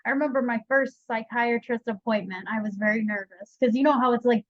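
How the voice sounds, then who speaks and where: A young woman with a fairly high voice tells her own story as a podcast guest, chatty and animated, acting out what others said. The sound is dull and lo-fi, with a dry, close feel. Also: a little fast, dry recording. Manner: chatty, animated retelling with quoted dialogue. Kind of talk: candid personal story.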